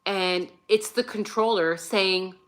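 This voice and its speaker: A woman's voice: medium pitch, fairly even intonation, takes it slowly. A woman hosting her own channel, talking through her opinions in a loose, conversational way and tagging her points with "right?". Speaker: channel host. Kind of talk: casual opinion commentary.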